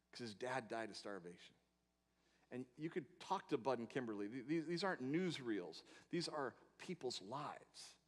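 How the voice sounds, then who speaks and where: A man preaching a sermon, swinging between loud emphatic proclamations and quiet asides, with rhetorical questions and long lists. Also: mid-range voice. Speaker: pastor. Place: church sanctuary. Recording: long hall reverb in a church.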